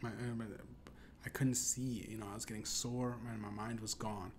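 A man's voice: lowish voice, moderate pace, slight background noise. Rambling man telling an absurd tale. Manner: rambling, deadpan absurd tall tale with profanity. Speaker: podcast host. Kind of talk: improvised comedic storytelling.

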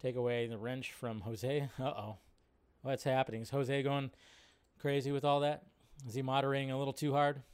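A man's voice: mid-range voice, little pitch movement, normal speed, clean tone. A man hosting a casual live-stream chat, rambling and often cutting himself off as he reads out viewer questions. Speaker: host.

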